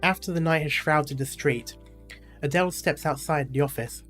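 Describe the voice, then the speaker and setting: A gaming streamer narrating a game's story aloud. The voice sits at mid pitch and drops into casual, chatty asides. Faint music plays behind. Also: normal speed, a bit bright. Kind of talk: reading a game story with asides.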